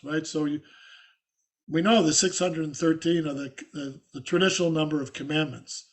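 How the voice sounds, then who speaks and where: An older man, a rabbi, teaching an adult class over a video call in a halting, scratchy voice full of restarts. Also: fairly high pitch. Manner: halting, with many fillers and restarts. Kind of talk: informal online lecture.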